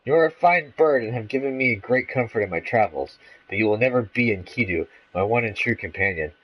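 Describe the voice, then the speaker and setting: A man's voice: brisk, highs cut off, a little hiss or hum, close to an everyday voice. Man doing a grandiose boastful warrior. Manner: grandiose, old-fashioned phrasing, swings high and low. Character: boastful theatrical male warrior calling for his lost companion.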